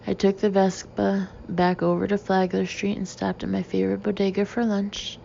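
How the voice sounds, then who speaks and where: A woman narrating a first-person audiobook in a steady, measured way. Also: mid-range voice, creaky. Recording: slightly dull with faint hiss.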